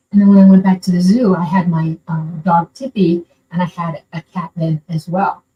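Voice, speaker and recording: A woman's voice: fairly low pitch, normal speed. Rambling older woman telling a story. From Florida, USA. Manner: rambling, animated, earnest. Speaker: caller sharing a story. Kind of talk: casual storytelling. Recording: distant mic with faint background noise.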